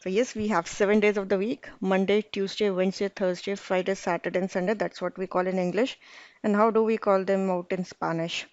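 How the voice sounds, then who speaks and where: A woman teaching a beginner language lesson, saying each word slowly and repeating it for the learner. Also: mid-range voice, fairly even intonation, darkish tone, no echo, highs cut off. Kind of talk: slow scripted language lesson.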